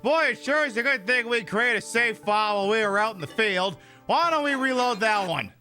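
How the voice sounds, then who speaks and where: Man, game streamer, high voice, rambling jokey commentary, profane, background music. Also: expressive, a little fast, sharp tone. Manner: rambling, joking, swears freely. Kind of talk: casual gameplay commentary.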